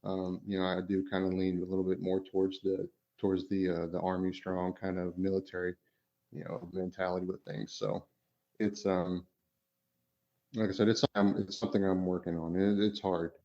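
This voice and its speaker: A father on a casual podcast, speaking in a very low voice and rambling along with constant "you know" fillers. The audio sounds dull and lo-fi, and his thoughts wind through restarts before landing. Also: completely flat delivery, normal speed, gravelly, dark tone.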